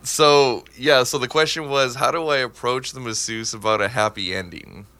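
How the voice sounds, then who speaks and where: A man's voice: mid-range voice, moderate pace, sharp tone, no room sound. A man hosting a casual podcast chat, rambling and laughing often. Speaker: podcast host.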